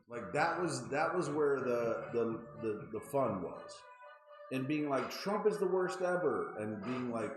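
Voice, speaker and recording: A man's voice: mid-range voice, roomy sound, low-quality recording. A man in his thirties hosting a casual chat show, ranting with lots of swearing and exasperation. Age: 30s. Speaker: podcast host.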